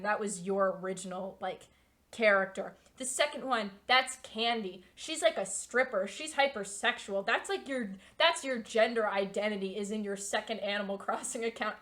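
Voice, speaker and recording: A woman's voice: medium pitch, moderate pace. A woman in her twenties chatting casually on a stream, rambling through stories and swearing freely. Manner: rambling, swearing, animated storytelling. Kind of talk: casual chat.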